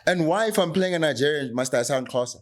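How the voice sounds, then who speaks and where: His voice runs high, animated and fast: a middle-aged South African actor speaking as a guest on a candid podcast. He argues with passion and emphasis, often posing rhetorical questions.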